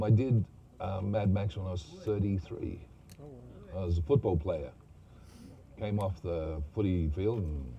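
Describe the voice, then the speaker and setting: A man's voice: fairly low pitch, dull audio. Profane older man telling stories. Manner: lively, profane, self-mocking. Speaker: guest actor. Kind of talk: anecdotal storytelling on stage.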